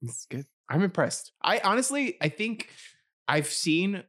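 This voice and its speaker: A man co-hosting a casual podcast chat in a playful, rambling way. His voice sits a bit higher than most men's, and his pitch moves a lot as he jokes. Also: sing-song, measured pace, a bit bright. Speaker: podcast co-host.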